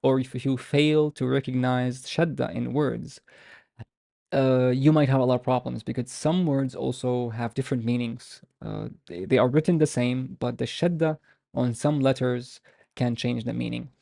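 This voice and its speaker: A man teaches a language class over a video call, pausing and restarting as he explains. His voice is gravelly and mellow, and it sounds dry and close to the mic. He slows down and stretches out example words so the sounds are heard clearly. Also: mid-range voice, steady tone, no room sound. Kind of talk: online language lesson.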